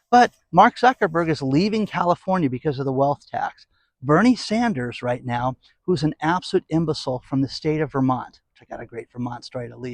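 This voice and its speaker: A middle-aged man rants through a sarcastic, mocking commentary monologue. His voice sits somewhat high, and the sound is dry and close, with no room around it. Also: no room sound. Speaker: political commentary vlogger.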